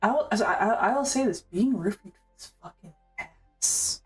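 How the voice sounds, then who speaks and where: A woman's voice: medium pitch, expressive, moderate pace, faint music behind, rough recording. A woman co-hosting a reaction stream, chatting bluntly and casually. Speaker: co-host.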